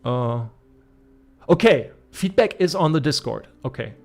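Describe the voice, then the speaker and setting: A man's voice: medium pitch, expressive, unhurried, gravelly. A man from Germany with a German accent, chatting casually as a gaming streamer, rambling with many fillers and restarts. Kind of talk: casual live-stream commentary.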